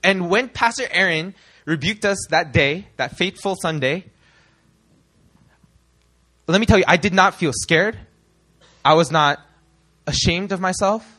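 Bright-voiced young man preaching. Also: sits high, unhurried, long pauses. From United States. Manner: animated, rhetorical questions to the congregation. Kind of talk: sermon.

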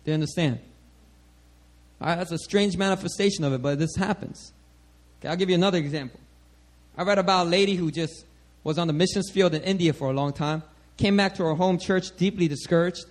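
High-voiced man preaching a lively sermon. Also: brisk. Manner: animated, checks in with "all right?" often. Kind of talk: sermon teaching.

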